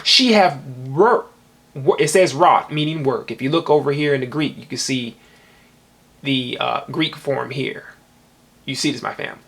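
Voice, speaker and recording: Husky-voiced male Bible teacher, emphatic, reads scripture slowly and keeps checking in with his audience. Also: mid-range voice, steady tone, fairly bright tone. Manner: emphatic, repeatedly asks "do you see this"; reads verses slowly and deliberately.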